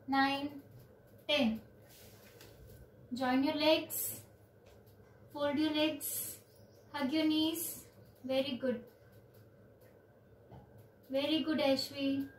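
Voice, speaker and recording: A woman, teaching children yoga on a video call with slow, clear instructions and counting. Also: high voice, slight background noise. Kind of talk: online yoga class for children. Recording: roomy, distant from the mic.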